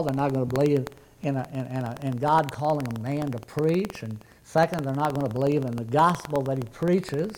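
A man's voice: high-pitched, darkish tone, slight background noise, poor audio. A man preaching a sermon as pastor, earnest and conversational, often restarting his words.

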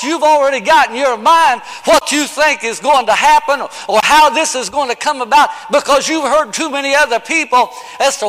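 High-voiced impassioned preacher. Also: male voice. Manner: impassioned, swings between shouting and hushed pleading. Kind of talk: sermon. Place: church sanctuary. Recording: long hall reverb.

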